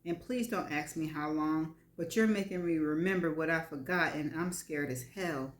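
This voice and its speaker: A woman's voice: sits low, normal speed. A woman giving a live reading of frank first-person fiction, wry and laughing between lines. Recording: echoey room.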